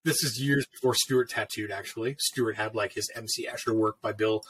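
A man with a fairly low yet fairly bright voice, speaking at a moderate pace in a steady tone, tells tales from his long tattooing career. His manner is casual, rambling, profane and full of fillers.

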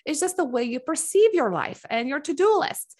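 Woman, high voice, very animated pitch, earnest coaching talk, casual fillers. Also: normal speed. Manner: earnest, repeats "right?" and "like". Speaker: mom life coach. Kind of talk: motivational talk to listeners.

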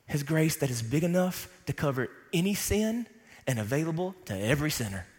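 A man's voice: a little high, very animated, fairly quick, darkish tone, in a large hall. A man preaching a sermon to a congregation, emphatic and calling out for responses. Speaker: pastor.

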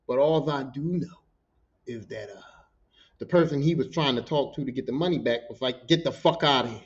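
A man telling work stories on his podcast in a loose, profane, animated way, acting out what others said. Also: mid-range voice, moderate pace, lo-fi sound. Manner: profane, animated, acts out quotes. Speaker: podcast host. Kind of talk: casual storytelling monologue.

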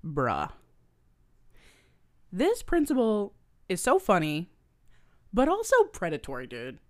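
Young woman podcast co-host, low-pitched, very lively and profane, acts out movie scenes in casual recap. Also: takes it slowly. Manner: animated, profane, acts out characters' lines.

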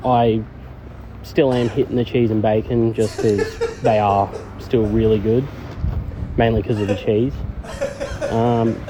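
A man leaving a relaxed, friendly voice message for a podcast, pausing often on fillers. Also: lowish voice, poor audio. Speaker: listener calling in by voice message. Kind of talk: casual voice message. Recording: voice message with clear background noise.

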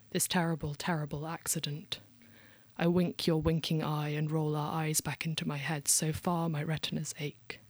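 A woman with a southern English RP accent from London performing dark spoken word poetry, dropping some lines to a hushed whisper. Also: low-pitched, dry recording. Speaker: poet, guest.

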